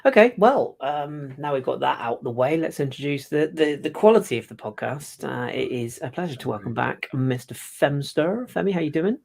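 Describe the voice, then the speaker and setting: A man's voice: fairly high pitch, expressive, normal speed, creaky, few pauses, darkish tone. A man hosting a podcast in casual, jokey chat. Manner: jokey, self-mocking banter. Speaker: podcast host.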